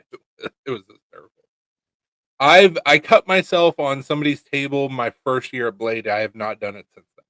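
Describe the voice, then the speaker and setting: A man's voice: medium pitch, fairly bright tone, no echo. A man co-hosting a casual chat show, telling laid-back stories and swearing casually. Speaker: podcast co-host, knife maker.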